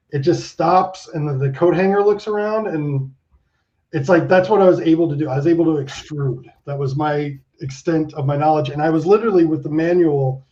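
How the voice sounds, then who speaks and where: A man around fifty telling stories as an interview guest, animated and swearing, acting out the people he quotes. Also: fairly high pitch. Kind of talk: casual interview storytelling. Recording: dull lo-fi sound.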